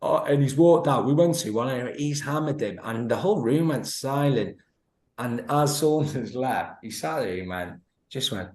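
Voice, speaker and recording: A man's voice: medium pitch, normal speed, darkish tone. Man telling stories in a roomy echo. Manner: laughing storyteller, many restarts, acts out quotes. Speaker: podcast guest, former footballer. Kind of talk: anecdotal podcast chat.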